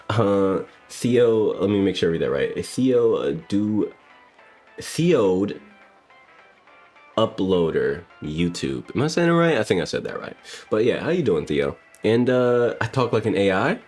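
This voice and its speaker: A young man hosting a game livestream, rambling casually with chat and swearing often. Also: fairly low pitch. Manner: rambling, profane, talks to chat. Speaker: livestream gamer host.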